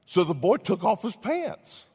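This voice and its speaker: A pastor preaching a sermon, telling a story with lively swings between loud and hushed delivery. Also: male voice, high voice, slow, husky, big-room sound.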